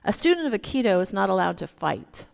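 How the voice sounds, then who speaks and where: A woman minister telling a story in a sermon, gentle and unhurried. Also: mid-range voice, very animated, creaky, clean tone. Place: church sanctuary. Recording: long hall reverb.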